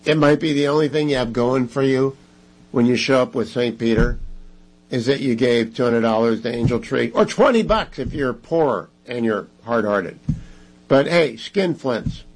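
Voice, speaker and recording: A man's voice: moderate pace, poor audio. Emphatic male talk radio host. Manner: emphatic, pleading, repetitive fundraising pitch.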